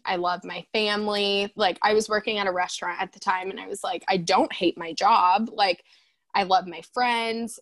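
A woman in her twenties, a guest telling her story in a casual chat, animated and quick to laugh as she acts out her own past thoughts. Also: medium pitch, no echo. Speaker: guest, hairstylist.

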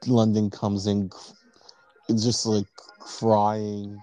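Slow mellow man, playful. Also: on the low side, monotone, dry recording, rough recording. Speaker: player. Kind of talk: tabletop role-play banter.

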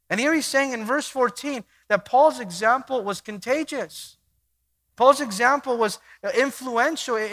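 A man preaching a sermon, swinging between quiet stretches and loud emphatic bursts, acting out little dialogues. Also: high-pitched. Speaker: pastor.

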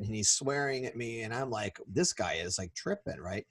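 Brief: middle-aged male podcast co-host, husky, lively storyteller who acts out voices. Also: mid-range voice, normal speed, few pauses. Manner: animated, acts out quoted voices. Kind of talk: casual storytelling chat.

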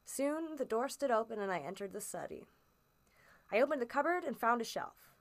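A woman reading a classic story aloud as a first-person narrator, steady and expressive in emphasis. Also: fairly high pitch, fairly quick. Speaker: audiobook reader.

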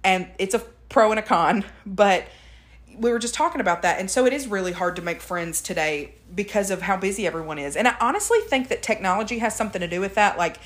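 A podcast co-host with a medium-pitched voice talks fast in a casual chat. She's a chatty storyteller who laughs often.

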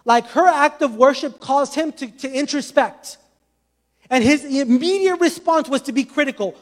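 Man, very high voice, passionate preacher, conversational sermon, casual asides. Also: normal speed.

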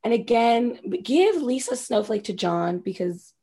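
A woman's voice: fairly high pitch, measured pace. A woman co-hosting a podcast, recapping a reality show in casual, profane, gossipy chat, acting out the cast members' lines. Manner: gossipy, profane, animated quoting. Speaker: podcast co-host.

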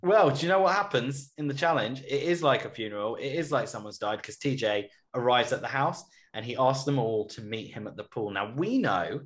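Animated man hosting a recap podcast. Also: medium pitch, fairly quick, hardly any pauses. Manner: wry, animated storytelling. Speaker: podcast host. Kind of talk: casual recap chat.

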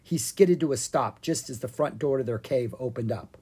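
A reader narrating a children's storybook in a lively, expressive way. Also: mid-range voice, moderate pace, breathy edge. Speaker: audiobook reader.

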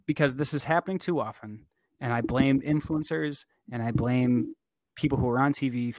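A man's voice: medium pitch, normal speed, no room sound. A man co-hosting a casual podcast chat, ranting emphatically and swearing now and then. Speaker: podcast co-host.

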